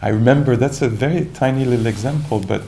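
A man giving a calm, reflective dharma talk as a meditation teacher, searching for words with many restarts and asides. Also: medium pitch, fast, creaky, slight background noise.

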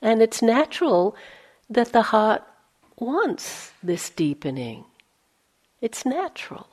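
Giving a dharma talk, a woman meditation teacher speaks slowly but very animatedly, her voice on the high side, darkish and slightly rough. Her conversational style features playful self-mockery, and she dips into a near-whisper for inner thoughts.

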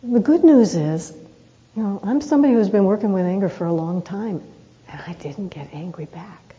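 A woman meditation teacher giving a reflective dharma talk, telling personal stories in an earnest, unhurried way with rhetorical questions. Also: medium pitch, mellow, muffled recording.

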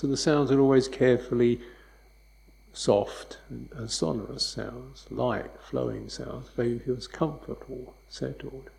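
A man giving a dharma talk as a meditation teacher, speaking softly and unhurriedly, with reflective repetitions. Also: medium pitch, creaky, poor audio.

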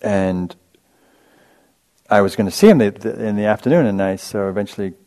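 A man with a low, deep voice gives a meditation talk, wandering through a personal story with loose asides and easy chuckles. He sounds conversational rather than preachy, like a teacher thinking out loud. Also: moderate pace. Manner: casual, chatty storytelling with frequent asides; self-amused, laughs at his own anecdotes. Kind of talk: dharma talk.

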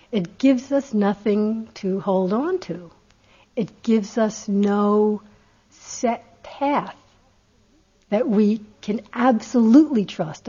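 A woman meditation teacher giving a gentle, reflective dharma talk with soft laughs, on a dull lo-fi recording. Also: mid-range voice. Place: retreat center meditation hall.

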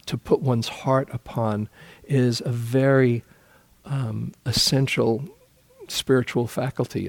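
Man, meditation teacher, unhurried dharma talk, mid-pitched, relaxed anecdotes. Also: vocal fry, no room sound. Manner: relaxed storytelling with soft laughs.

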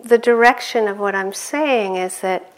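A middle-aged woman giving a conversational dharma talk as a meditation teacher, laughing often and growing animated in her stories. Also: medium pitch, a little slow.

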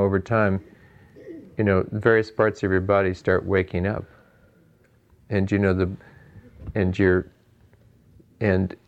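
A man with a low voice gives an informal dharma talk on meditation. He thinks aloud in a loose, musing way, chuckling often and leaning on "you know" between points. His delivery is unhurried and conversational. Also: vocal fry, a little mellow, muffled recording. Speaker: meditation teacher.

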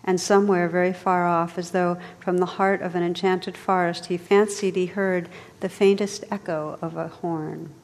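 A woman meditation teacher reads a story aloud in a soft, measured way. Her voice sits a little low. A long reverb from the hall trails after each line. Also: level tone.

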